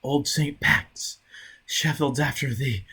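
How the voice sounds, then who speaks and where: A man reading an audiobook, voicing a frantic, panicked young male messenger who shouts and gasps out short phrases. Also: on the high side, fairly even intonation, takes it slowly, breathy edge, heavily acted. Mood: out of breath.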